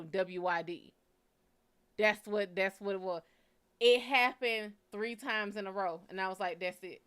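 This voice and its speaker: A woman's voice: mid-range voice, clean tone. A woman hosting a live show, casually telling a blunt, profane dating story and acting out the quoted lines. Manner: candid, profane, animated storytelling with quoted dialogue. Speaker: psychic reader host.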